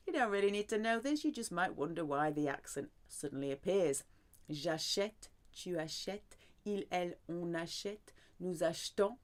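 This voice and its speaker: A woman teaching verbs in a lively, sing-song lesson, repeating each word as she goes. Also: lowish voice. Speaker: French teacher. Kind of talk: language lesson.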